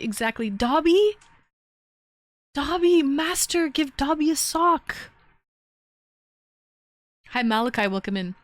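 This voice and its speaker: A woman streamer chatting casually with her live chat, who switches to a high cooing baby voice when she talks to her dogs. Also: a bit bright, no echo.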